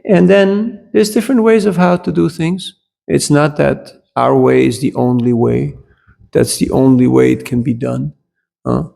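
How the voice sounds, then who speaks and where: A man's voice: mid-range voice, a little slow, creaky, warm tone. A man giving a scripture class, telling anecdotes in a conversational way and often checking in with his listeners. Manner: switches briefly into German.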